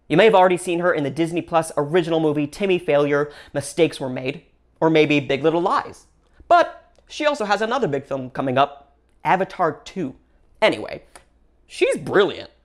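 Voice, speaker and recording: Gushing lower-voiced woman reviewing films. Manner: gushing and upbeat, with big pitch swings between phrases. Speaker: film reviewer and channel host. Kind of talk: solo movie review vlog.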